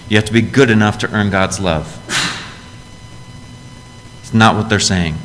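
A man's voice: on the low side, unhurried, pauses often, a bit bright, long reverb tail, poor audio. A man preaching a sermon as a pastor, earnest and direct, often putting questions to his listeners.

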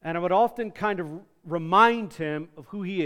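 A man in his forties with a notably high voice delivers a sermon in a church sanctuary. He preaches in an earnest, conversational manner and often doubles back on his words. His voice rings out with a long hall reverb. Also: moderate pace, fairly bright tone, smooth. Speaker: pastor.

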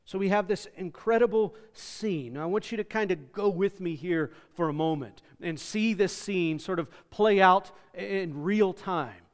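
A man's voice: sits high, a little slow, few pauses. A man in his forties preaching a sermon in an earnest, conversational way, often repeating words as he goes. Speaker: pastor. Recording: long reverb of a large hall.

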